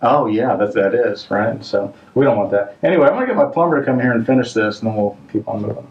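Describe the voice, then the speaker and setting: A man on a home renovation job site, chatting casually and rambling through deadpan, self-mocking jokes. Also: lowish voice, fast talker. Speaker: contractor and vlog host. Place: house under renovation, indoors. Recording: roomy, distant, dull sound.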